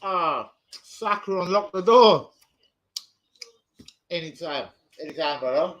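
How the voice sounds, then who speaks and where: Excitable man hosting a watch-along. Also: high-pitched, takes it slowly, long pauses, poor audio. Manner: excitable, swearing, shouting out viewers. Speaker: football fan channel host. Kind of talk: live football watch-along chat.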